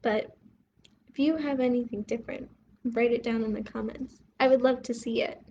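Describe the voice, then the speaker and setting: Woman, children's storytime host, slow questioning talk, slightly dull recording with faint hiss. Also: fairly high pitch, fairly even intonation, darkish tone. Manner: asks the viewer questions, pauses to let them think.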